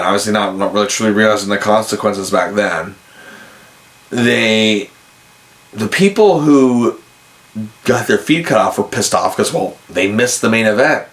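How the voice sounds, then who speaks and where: Male podcast host, low voice, relaxed storytelling that gets animated when he quotes people. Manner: animated, acts out both sides of phone calls. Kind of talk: casual storytelling.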